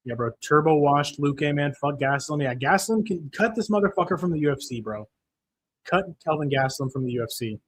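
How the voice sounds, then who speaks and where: A man's voice: on the high side, lively intonation, fairly quick, a bit bright, a little hiss or hum. A young man hosting a live fight-watching stream, ranting with heavy swearing about a lost bet and reading viewer comments aloud. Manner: profane, frustrated ranting; reads chat comments aloud. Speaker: livestream host.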